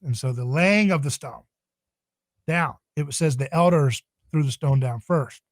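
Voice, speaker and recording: A man's voice: fairly high pitch, a little slow, dry recording. A man speaking as a podcast guest in a passionate, emphatic, preaching tone. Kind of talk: podcast interview.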